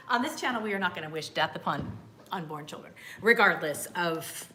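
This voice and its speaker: A woman's voice: fairly low pitch, lively intonation, brisk, noisy background. A woman hosting a casual beauty livestream, greeting viewers by name and speaking in an earnest, frustrated way. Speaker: beauty YouTuber livestream host.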